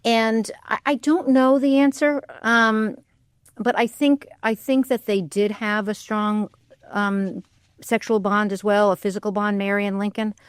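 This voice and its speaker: A woman's voice: mid-range voice, fairly even intonation, unhurried, clear, resonant tone, dry recording, clean studio sound. A woman historian speaking as a guest on a radio interview, thoughtful and candid, often weighing her views with "I think.". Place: radio studio.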